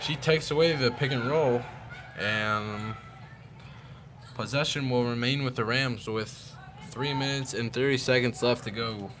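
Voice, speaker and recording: A young man calls a school basketball game play by play in an easygoing, slightly rough way. His voice sits at an ordinary pitch. Loud gym noise runs behind him. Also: a little slow. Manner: plain, easygoing play-by-play, a little unpolished. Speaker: play-by-play commentator. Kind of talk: amateur basketball commentary. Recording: noisy gym ambience behind.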